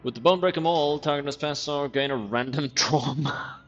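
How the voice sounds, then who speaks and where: A man's voice: a little high, measured pace, dull audio, faint music behind. A man streaming a video game in casual commentary, reading in-game text aloud and reacting with wry, profane remarks. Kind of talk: casual let's-play commentary.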